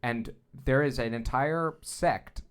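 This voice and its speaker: A man co-hosting a podcast in casual fan discussion, speaking thoughtfully with halting restarts. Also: mid-range voice, clear, resonant tone. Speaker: podcast co-host.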